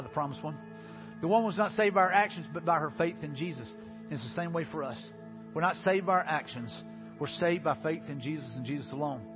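High-voiced earnest preaching man. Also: dull audio. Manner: drops to soft, low tones for appeals. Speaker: pastor. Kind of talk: sermon.

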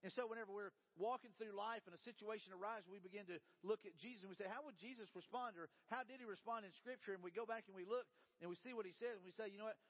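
A man preaching a sermon as a pastor, with a folksy storytelling manner, sinking into a soft, low voice for quotes. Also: quick pace, few pauses. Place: church sanctuary. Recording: dull reverberant church hall.

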